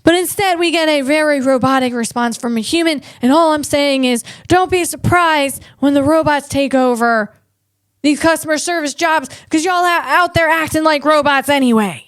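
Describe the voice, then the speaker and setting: High-voiced woman comedian on a podcast. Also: moderate pace, no room sound, studio quality. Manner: animated, stumbling over words, acts out voices. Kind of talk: comedic tech commentary.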